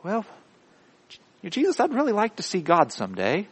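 Preacher doing a clueless disciple guy, quiet and kinda hesitant, naive. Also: sits high, huge pitch swings, normal speed, husky, voice pushed up, exaggerated voice. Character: clueless earnest male disciple, adult.

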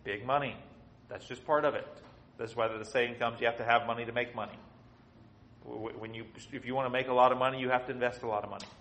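A man preaching an expository sermon, swinging between soft and loud and acting out quotes. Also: mid-range voice, steady tone, quick pace, echoey room, a little hiss or hum, rough recording.

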